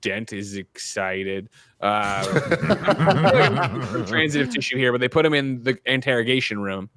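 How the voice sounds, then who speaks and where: A man's voice: mid-range voice, unhurried, crowd noise. A young adult man co-hosting a casual podcast, recapping film scenes at length in a loose, profane way. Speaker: podcast co-host. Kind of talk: casual film review chat.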